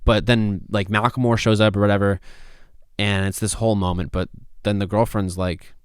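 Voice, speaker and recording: A man hosting a casual solo podcast, sounding stuffy and talking excitably, exclaiming and swearing casually. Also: lowish voice, normal speed, clean tone, no room sound, clean studio sound. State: stuffy, congested. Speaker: podcast host.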